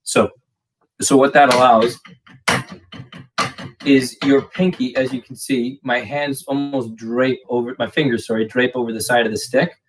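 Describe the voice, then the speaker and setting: Unhurried and flat in delivery, a man with a mid-range voice teaches drums live, casually explaining patterns with lots of fillers. The mic is distant, and background noise is clearly audible.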